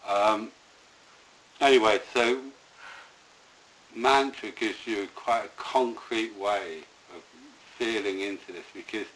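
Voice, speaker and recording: Man, low pitch, crisp bright tone, leads a meditation class, rambling. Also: slow, long pauses, rough recording. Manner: rambling, hesitant, with many restarts. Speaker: meditation teacher. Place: indoor room with a live group.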